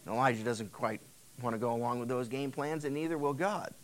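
A middle-aged pastor speaks briskly in a mid-range voice. His sermon is conversational, with occasional impersonations of biblical figures, and it was transferred from an old cassette tape.

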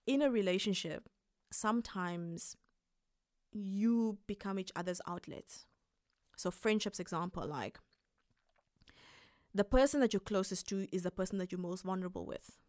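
A woman hosting a casual advice monologue, animated and quick to laugh as she acts out little scenes. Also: medium pitch, dry recording, studio quality. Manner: animated, acts out quoted reactions, laughs often. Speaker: podcast host.

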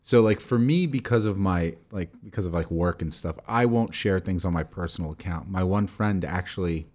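A young man co-hosts a casual podcast chat, rambling and cursing freely as he goes. His voice sits a little low, and he restarts his sentences often. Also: normal speed, a little mellow. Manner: rambling, profane, with many restarts and fillers. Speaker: podcast co-host.

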